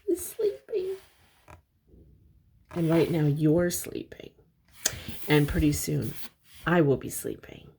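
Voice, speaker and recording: An older woman reading a bedtime picture book aloud to her grandchildren in a gentle, soothing way. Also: low voice, unhurried, creaky, long pauses, slight background noise. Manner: gentle, soothing, playful animal sounds.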